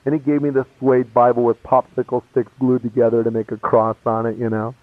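This testimony speaker recounts his conversion in a casual, animated manner, taking on the voices of all the people in the story. His mid-range voice is fairly quick, and the recording is dry, tinny and phone-like.

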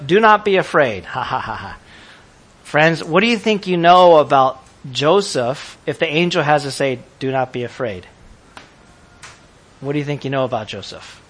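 A man preaching a sermon to a congregation, lively and laughing as he acts out how people would react. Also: fairly high pitch. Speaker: pastor.

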